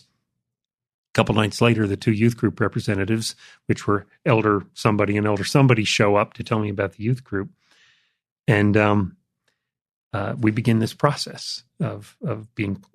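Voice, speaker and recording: Older guy with a low gravelly voice, laid-back storytelling, lots of ums, dry close mic. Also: no room sound. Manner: relaxed, reflective, frequent fillers. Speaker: interview guest. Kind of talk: conversational storytelling.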